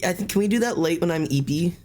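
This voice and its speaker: A man's voice: high-pitched, quick pace, darkish tone. A man hosting a livestream, chatting loosely with friends and slipping into a mock teacher voice to explain things. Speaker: streamer host. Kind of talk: casual group chat on a livestream.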